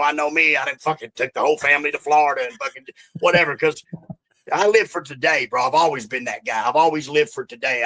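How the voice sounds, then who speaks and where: A man's voice: a little high, pushed and bright, rough recording. Profane, rambling Southern man. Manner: rambling, profane, with many restarts. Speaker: guest. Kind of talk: casual podcast interview.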